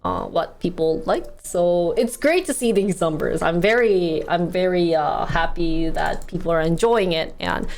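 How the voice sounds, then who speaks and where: Young woman streamer, Wisconsin accent, animated and chatty, quick giggles. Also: lowish voice. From United States. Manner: chatty, giggly, reads and answers chat. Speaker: live streamer. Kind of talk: casual live-stream chat with viewers. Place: her home.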